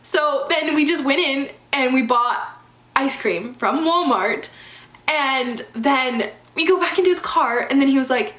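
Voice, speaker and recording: A young adult woman vlogger tells storytime stories in casual chat, sounding chatty and exasperated and using lots of "like" fillers. Her voice sits high and fairly bright, a little slow, in an echoey room.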